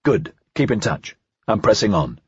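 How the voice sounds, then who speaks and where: A man's voice: on the low side, sing-song, normal speed, husky, dry recording, highs cut off, heavily acted. A man voicing a seasoned male investigator who talks in a clipped, matter-of-fact way in an audiobook. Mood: measured. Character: seasoned male investigator, dry, measured, in charge.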